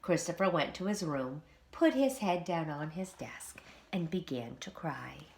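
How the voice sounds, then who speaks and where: A woman, a preschool teacher, reading a children's storybook aloud in an expressive, animated way. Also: low-pitched, measured pace, background noise.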